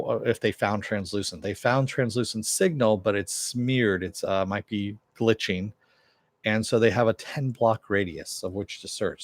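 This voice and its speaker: A man's voice: lowish voice, no room sound. A man giving a casual recap of a TV episode, talking conversationally with frequent fillers. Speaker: TV show reviewer.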